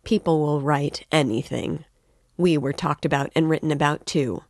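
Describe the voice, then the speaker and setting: Woman doing a proud young woman, firm and curt, gravelly, dry sound. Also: low voice, normal speed, darkish tone, no room sound. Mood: sharp.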